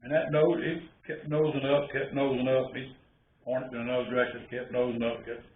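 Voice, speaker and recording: A man's voice: mid-range voice, level tone, fairly quick, slight background noise. A man, who hosts a cooking channel and tells rambling, folksy stories full of restarts. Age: 60s. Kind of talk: casual storytelling. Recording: tinny, roomy, phone-like sound.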